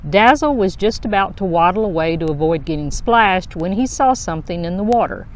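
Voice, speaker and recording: Lower-voiced woman reading a children's story. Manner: slow, expressive storytelling. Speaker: children's book reader. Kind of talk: reading a picture book aloud.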